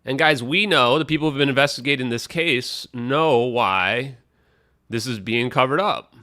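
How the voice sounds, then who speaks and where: A man's voice: mid-range voice, moderate pace, no room sound, clean studio sound. A man hosting a livestream, chatting casually and addressing viewers as folks and guys. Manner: soft coaxing dog talk. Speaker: livestream host.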